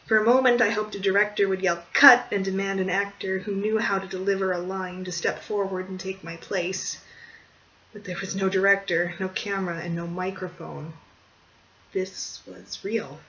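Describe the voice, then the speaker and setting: Measured storyteller on a dull distant mic. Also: medium pitch, steady tone, a bit bright. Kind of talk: scripted narration of a horror short story. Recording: dull distant recording, faint hiss.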